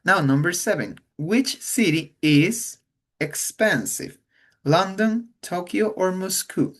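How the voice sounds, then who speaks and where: Man teaching English, unhurried and careful, repeats words so students hear them. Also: sits high, lively intonation. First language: Spanish. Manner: slow, patient, repeats words to model pronunciation. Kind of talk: online English class.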